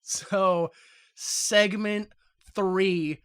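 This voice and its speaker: A man casually recapping an old wrestling show on a podcast, laughing often and acting out quotes in a loud squeaky voice. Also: fairly even intonation, extremely slow, clean tone.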